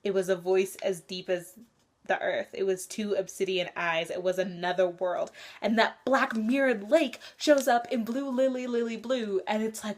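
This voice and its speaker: A woman's voice: mid-range voice, steady tone, moderate pace. A young woman vlogger in casual chat about a book she is rereading, candid and swearing often.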